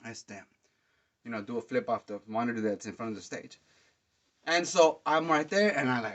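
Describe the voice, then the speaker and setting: A man hosting a podcast, telling concert stories in a rambling, excitable way, full of fillers and slang. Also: medium pitch, moderate pace, long pauses. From Dallas, Texas. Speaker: podcast host. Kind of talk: casual storytelling monologue. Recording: dull lo-fi sound.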